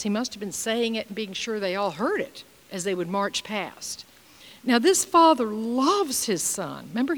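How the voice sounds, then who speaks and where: A woman's voice: mid-range voice, in a large hall. A middle-aged woman teaching from the Bible, reading scripture and sharing personal stories in an earnest, conversational way.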